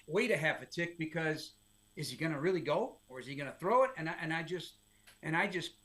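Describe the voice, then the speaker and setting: A middle-aged man, a sports play-by-play announcer, telling stories as a guest in casual podcast chat. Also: fairly high pitch. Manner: lively storyteller, quick asides.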